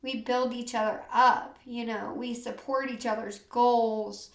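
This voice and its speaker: Her voice is fairly high, gravelly, and steady, delivered unhurriedly in a reverberant space. A woman from the USA, she shares her personal story as an interview guest with earnest tears, repeating herself and frequently saying "you know."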